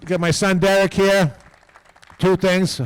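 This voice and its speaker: A man's voice: sits high, level tone, takes it slowly, clean tone. Rambling man giving a ceremony speech. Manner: rambling, tags lines with "okay?"; repeats words and restarts often. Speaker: team executive giving induction speech. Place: induction ceremony.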